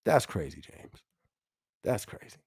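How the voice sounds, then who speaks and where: A man's voice: measured pace, darkish tone, no echo, studio quality. A man hosting a casual live-stream podcast, chatting in slang, laughing often and repeating his phrases. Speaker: livestream podcast host.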